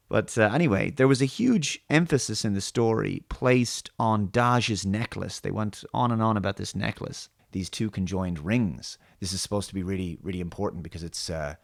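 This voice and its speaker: Lowish-voiced guy ranting away on his own show, sarcastic, rambly, mocking. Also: moderate pace, creaky, hardly any pauses, fairly bright tone, dry recording, studio quality. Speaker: host. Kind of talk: casual commentary rant.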